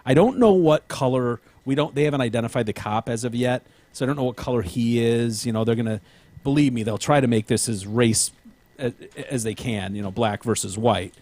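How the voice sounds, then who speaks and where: A man's voice: medium pitch, fairly even intonation, a little fast, darkish tone. A man hosting a podcast in casual chat, rambling and hedging with plenty of ums. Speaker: podcast host.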